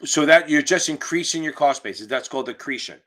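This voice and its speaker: Casting note: male finance tutor, bright tone, loose and profane, talking on a video call mic. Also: fairly high pitch, a little fast. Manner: casual, profane, joking teacher. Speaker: exam tutor. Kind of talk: live online Q&A lesson. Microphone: computer mic on a video call.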